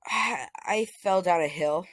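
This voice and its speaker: A man voicing a timid, bullied young boy who stammers quietly. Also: sits high, unhurried, no room sound, low-quality recording.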